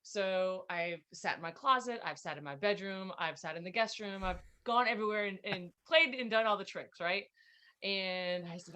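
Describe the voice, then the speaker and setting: A woman guesting on a podcast, telling her story in a lively, upbeat way. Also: medium pitch, moderate pace. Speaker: podcast guest, health coach. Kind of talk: casual interview chat.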